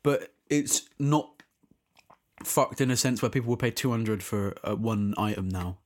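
A man's voice: fairly low pitch, measured pace. A young man hosting a casual podcast, rambling and swearing freely. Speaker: podcast host. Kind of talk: casual chat.

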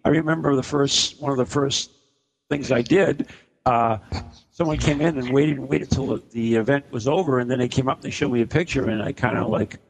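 Male radio host, gravelly voice, meandering on-air chat, long hall echo. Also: medium pitch, fairly quick. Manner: rambling, self-correcting. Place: inn function room at a live broadcast.

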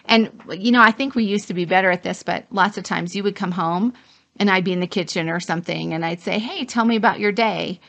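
A woman's voice: on the low side, steady tone, fast talker, vocal fry, a bit bright. A middle-aged woman co-hosting a casual advice chat, walking through points one by one. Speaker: co-host.

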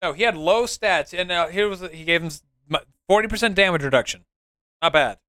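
A man co-hosting a podcast, chatting casually and excitedly about a mobile game, joking and laughing. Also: high voice, a little fast, dry recording, clean studio sound. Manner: excitable, laughs a lot, jokey. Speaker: podcast co-host.

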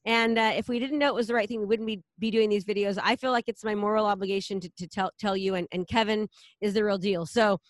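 A woman's voice: mid-range voice, fairly even intonation, no room sound. A woman leading a real estate team, talking casually and enthusiastically in a promotional chat with a colleague. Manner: enthusiastic, rapid, salesy, repeats herself.

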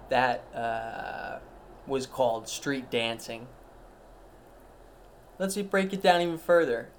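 A man hosting a solo podcast, rambling in a meandering, self-interrupting, mock-grand way. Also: medium pitch. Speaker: podcast host.

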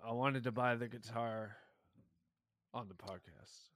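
A man with a Michigan accent, co-hosting a podcast in loose, excitable, profanity-heavy chat. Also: mid-range voice, unhurried, no room sound, clean studio sound. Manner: excitable, swears a lot, laughs often. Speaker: podcast co-host.

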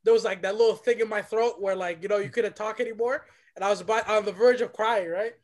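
High-voiced man telling a dramatic story. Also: fast talker. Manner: lively, dramatic, drops to a hush for effect. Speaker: podcast guest. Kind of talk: animated storytelling.

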